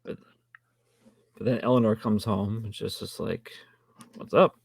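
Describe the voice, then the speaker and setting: A man co-hosting a film review podcast in casual chat, low-key with dry, wry remarks. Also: fairly even intonation, moderate pace, creaky, darkish tone, slightly rough, dry recording. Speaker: podcast co-host reviewing films.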